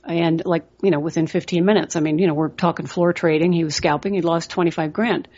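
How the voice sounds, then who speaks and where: A woman's voice: fairly low pitch, fairly even intonation, fairly quick, darkish tone, husky, muffled recording. A middle-aged woman hosting a trading podcast, giving motivational talk and telling stories in an earnest way with lots of "you know" fillers. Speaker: trading coach and podcast host.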